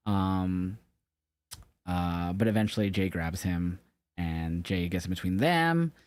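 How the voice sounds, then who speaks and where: Young male co-host, low-pitched, dry sound; casual, rambling recap delivery that corrects itself. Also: slow pace, no echo. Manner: rambling, loose, swears casually, self-correcting. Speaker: podcast co-host. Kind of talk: casual wrestling recap chat.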